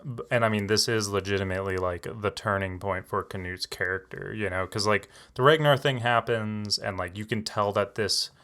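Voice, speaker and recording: A man with a fairly low voice chats as a podcast co-host. He talks in quick bursts, peppered with "like" and "you know", relaxed and offhand. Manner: rapid, with many fillers like "you know" and "like". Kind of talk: casual chat about an anime.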